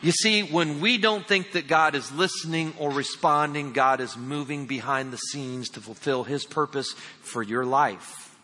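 A man's voice: on the high side, unhurried, few pauses, pushed and bright. A man preaching a sermon as pastor, talking emphatically and calling his listeners friends. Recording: long reverb of a large hall.

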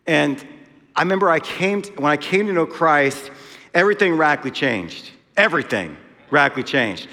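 A man's voice: medium pitch, sharp tone. A man preaching a sermon in a church hall, telling a story with lots of casual asides. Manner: conversational storytelling with frequent asides. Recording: long hall reverb.

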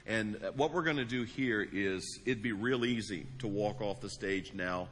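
A man's voice: lowish voice, unhurried, a bit bright. A man preaching as a pastor, praying and then speaking earnestly and personally to his congregation, often restarting his phrases. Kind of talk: sermon with prayer and altar call. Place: large church auditorium. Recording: long hall reverb, faint room noise.

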